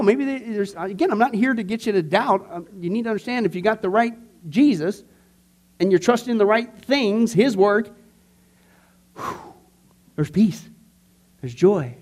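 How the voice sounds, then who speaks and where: A man with a high-pitched voice teaches a church discipleship class, speaking earnestly and conversationally. His delivery swings between emphatic and quiet.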